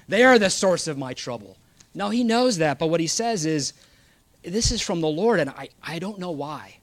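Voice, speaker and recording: Male preacher, earnest sermon delivery, voice a bit high, dry close sound. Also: dry recording. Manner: earnest, emphatic, reads scripture aloud.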